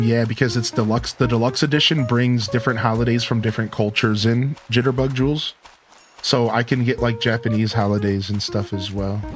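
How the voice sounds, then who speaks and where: A male game streamer chats casually with his live viewers, relaxed and rambling, dropping plenty of "like" and "you know." His medium-pitched voice still sounds a little worn.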